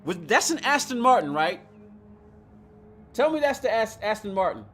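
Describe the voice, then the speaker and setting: A man's voice: high-pitched, very animated, moderate pace, fairly bright tone, faint music behind. A man streaming a racing game, rambling in casual chat, reading chat aloud and laughing often. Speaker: gaming streamer.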